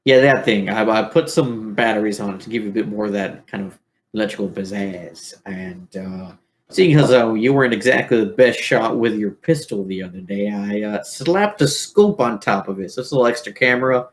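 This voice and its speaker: A chatty male robot officer rambles through a mission briefing, as a man voices him. He speaks in a lowish voice with halting starts and many ums. His tone stays easygoing and loose. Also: lightly acted. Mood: cheerful.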